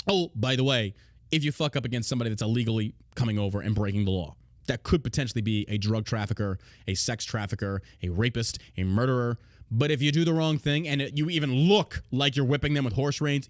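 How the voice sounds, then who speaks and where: A man's voice: medium pitch, no echo, clean studio sound. Brash, sarcastic male podcast host. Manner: brash, sarcastic, combative, swears a lot. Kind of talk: casual profane rant.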